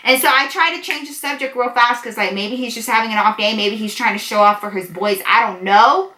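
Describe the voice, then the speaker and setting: A woman telling a personal story to her viewers in a casual, animated way, swearing and acting out both sides. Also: a little high, fairly quick. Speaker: storytime vlogger. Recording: echoey room.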